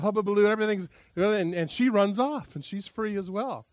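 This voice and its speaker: A man's voice: high-pitched, brisk, hardly any pauses, dry recording. A man preaching as a pastor, talking in a loose, conversational, self-amused way and opening with a joke. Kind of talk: casual sermon with a joke.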